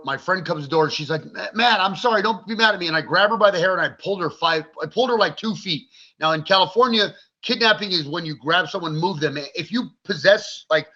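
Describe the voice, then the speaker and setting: A man's voice: on the high side, bright, forceful tone. A man in his forties, a podcast guest, telling his story in a blunt, profane, vivid way. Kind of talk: candid interview storytelling. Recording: dull lo-fi recording.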